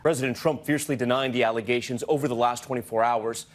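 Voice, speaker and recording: A man reading scripted news as an anchor, in a crisp, formal delivery. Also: medium pitch, steady tone, fast talker.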